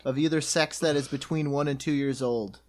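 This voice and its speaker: A podcast co-host chatting casually and making sarcastic jokes. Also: a little fast. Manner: animated, swinging pitch, sarcastic jokes. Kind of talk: casual comedic recap chat.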